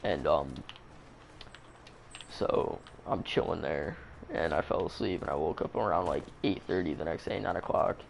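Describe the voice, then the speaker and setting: Deep, gravelly-voiced guy rambling through a story. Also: normal speed, slight background noise. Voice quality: creaky. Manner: rambling, profane, full of fillers. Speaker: vlogger telling a story. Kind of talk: casual storytime.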